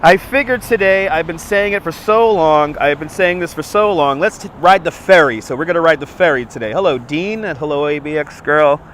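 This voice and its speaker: This man speaks briskly, with hardly any pauses, in a fairly high, slightly bright voice. He's hosting a live walking stream outdoors on a city street, phone mounted on a gimbal, cheerfully greeting viewers by name. His nose is a little stuffy, his voice may crack, and faint traffic and street sounds run underneath.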